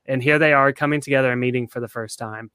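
A man's voice: mid-range voice, steady tone, fast talker, sharp tone, smooth, no room sound. A man co-hosting a podcast in casual chat, laying out his theories step by step. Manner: analytical, lays out theories step by step. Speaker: podcast co-host.

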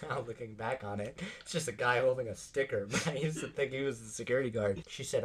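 Bright animated young man telling a story. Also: mid-range voice, quick pace, slightly rough. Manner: animated, laughing often, acts out quoted voices. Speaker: podcast host. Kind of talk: casual storytelling chat. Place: podcast studio.

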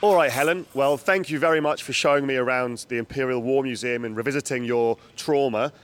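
A man's voice: mid-range voice, brisk, slight background noise. A man hosting a podcast, chatting casually with a dry, understated manner. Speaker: podcast host. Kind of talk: casual chat.

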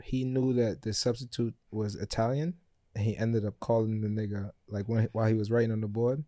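A young man co-hosting a podcast, telling an animated story full of slang. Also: on the low side, a little fast, no room sound, studio quality. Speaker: podcast co-host. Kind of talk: casual storytelling.

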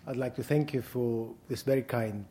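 Greek-accented man lecturing, mellow voice. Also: medium pitch, fairly even intonation, slight background noise. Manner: measured, deliberate, frequent ums. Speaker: guest lecturer. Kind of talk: academic lecture. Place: university lecture hall.

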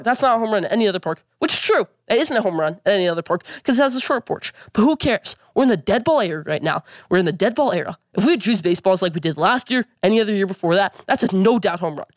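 A man's voice: sits high, expressive, fast talker, hardly any pauses, no echo, clean studio sound. A man hosting a sports opinion vlog, delivering emphatic, opinionated takes and repeating his points. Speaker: sports show host.

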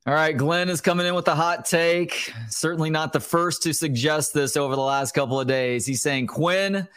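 Male sports-podcast co-host, slightly high voice, easygoing storyteller, dry mic. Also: steady tone, brisk, fairly bright tone, clear, resonant tone, dry recording. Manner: chatty, storytelling. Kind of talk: casual sports talk.

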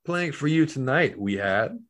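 A man's voice: medium pitch, expressive, measured pace, fairly bright tone. A man hosting an improv comedy podcast, giving an upbeat, jokey sign-off. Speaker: podcast host. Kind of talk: improv comedy and show outro.

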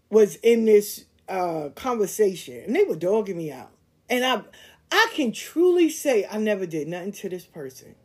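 A woman's voice: mid-range voice, a little mellow, husky. A woman hosting a podcast, ranting casually and bluntly to her listeners with plenty of profanity. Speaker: podcast host.

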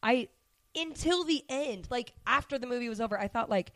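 A woman co-hosting a podcast, excitable and sarcastic, jumping in with quick reactions. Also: fairly high pitch, dry recording. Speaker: podcast co-host. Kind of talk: casual chat.

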